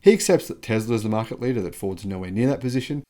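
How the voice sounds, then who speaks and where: A man's voice: lowish voice, animated, racing, dark tone. A man hosting a news commentary vlog, chatty and sarcastic as he reacts to the news. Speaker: channel host.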